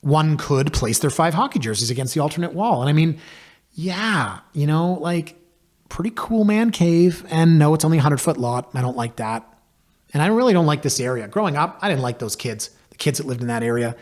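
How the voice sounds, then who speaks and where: A man tells his own story on a podcast. His delivery is casual, wry and self-deprecating, and he gets lively as the story goes. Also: mid-range voice, fairly quick. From Canada. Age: 40s. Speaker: podcast host and realtor.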